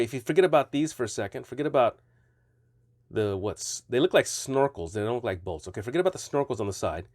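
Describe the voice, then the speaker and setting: A man's voice: mid-range voice, a little mellow, dry recording, studio quality. A man casually reviewing stretchy toy figures, chatty and rambling, often correcting himself mid-sentence.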